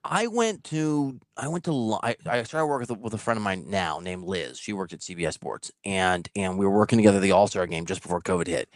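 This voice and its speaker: A man hosting a podcast, telling stories in casual chat with an animated, laughing delivery. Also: deep voice, brisk, hardly any pauses, no room sound, clean studio sound. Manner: animated, laughing storyteller who swears. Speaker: podcast host.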